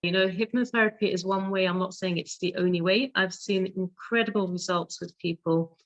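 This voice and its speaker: A woman's voice: on the low side, fairly even intonation, moderate pace, no echo, muffled recording. A woman with a London accent, a hypnotherapist speaking as a guest in a casual interview, emphatic and affirming.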